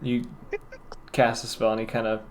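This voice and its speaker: A man narrating a tabletop role-playing game as game master, describing the scene in halting, restarting sentences. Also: mid-range voice, completely flat delivery, slight background noise.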